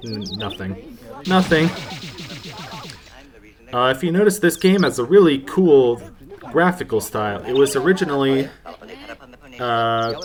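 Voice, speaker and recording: A woman hosting a let's play, giving casual, rambling commentary with quiet, self-mocking asides. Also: a bass voice.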